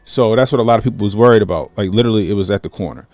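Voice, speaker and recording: A man in his late thirties from Baltimore, hosting a casual livestream, greeting chat viewers and telling a story with lively acted-out quotes. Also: on the low side, racing, no echo, faint music behind. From Baltimore, USA. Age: 30s. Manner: animated, acts out quotes, greets chat by name. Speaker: livestream host.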